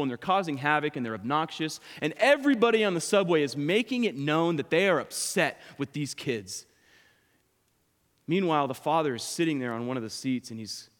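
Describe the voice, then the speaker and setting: An earnest man preaching a sermon, his voice a touch high for a man. He slows down to read scripture and builds to urgent questions. The long reverb of a big church hall hangs after each phrase. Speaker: pastor.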